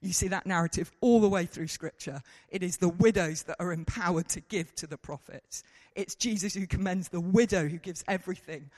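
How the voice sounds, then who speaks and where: A man preaching a lively sermon to a congregation, joking at his own expense. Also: high-pitched, fairly quick, hardly any pauses. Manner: lively, self-mocking, mimics people in quotes. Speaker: pastor. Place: church hall. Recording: reverberant hall.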